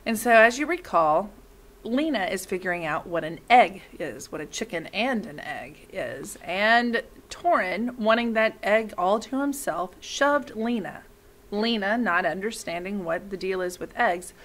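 A woman's voice: medium pitch, animated, measured pace, a bit bright, low-quality recording. A woman reading a children's novel aloud in a friendly way, stopping to explain words.

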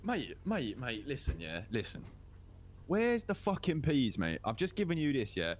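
A man's voice: mid-range voice, huge pitch swings, normal speed, a little hiss or hum. A man doing in-character game roleplay, cheeky and bantering. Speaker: roleplay gamer playing a driver.

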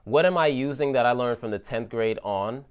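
A man's voice: medium pitch, fairly quick, clean tone. A man co-hosting a casual podcast chat, talking in a slangy, agreeable way and saying "bro" often. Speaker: podcast co-host.

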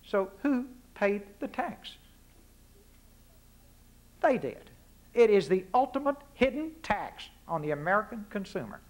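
A man's voice: high-pitched, sing-song, unhurried, long pauses, darkish tone. A man with a Texas accent speaking before an audience at a forum, giving a folksy political speech full of punchy rhetorical questions and asides. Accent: Texan. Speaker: guest speaker.

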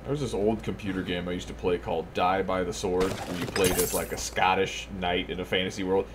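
A man's voice: low-pitched, flat delivery, brisk. A man streaming a video game who chats casually, laughs often and mimics the characters. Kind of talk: casual gaming commentary. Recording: stream audio with loud noise.

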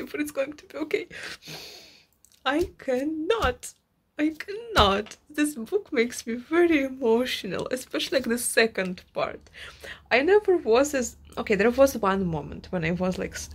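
A woman's voice: high-pitched, moderate pace, husky. A woman book vlogger talking emotionally about her reading, overwrought and repeating herself, sometimes dropping to a whisper. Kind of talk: emotional reading-vlog chat.

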